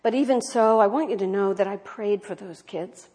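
A woman's voice: mid-range voice, moderate pace, darkish tone, natural voice. A woman voicing a tearful condemned man. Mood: remorseful.

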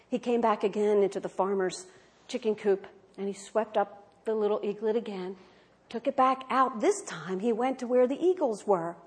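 Animated woman preaching a sermon. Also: a little high. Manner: storytelling, swinging from loud to hushed.

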